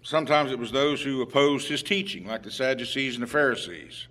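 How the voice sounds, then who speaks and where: A man preaching a sermon, unhurried with occasional fillers, growing emphatic and louder on key points. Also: mid-range voice. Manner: emphatic, rising in volume on scripture quotes.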